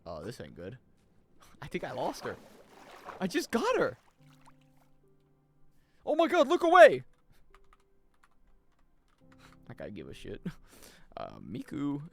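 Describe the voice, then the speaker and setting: A young man streaming a video game, chatting casually, muttering over menus and jumping into loud, high yelps. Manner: excitable, jumps into loud high yelps and laughs; mutters menu options to himself. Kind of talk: casual gameplay commentary.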